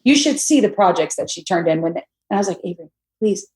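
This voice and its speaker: A middle-aged woman on a podcast as a guest, telling candid stories in a blunt, animated way and acting out what people said. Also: fairly low pitch, fast. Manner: animated, blunt, swears, acts out quotes. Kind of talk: candid storytelling chat. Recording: echoey room.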